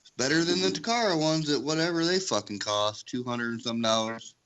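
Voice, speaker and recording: A man's voice: mid-range voice, brisk, a bit bright. A man on a podcast, chatting casually with short, blunt, swearing remarks. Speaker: podcast guest. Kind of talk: casual chat.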